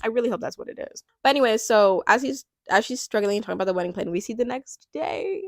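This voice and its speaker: A young woman chatting casually in a review vlog, gushing and talkative, with many likes and quick laughs. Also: on the high side, no echo, clean studio sound. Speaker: reality TV reviewer.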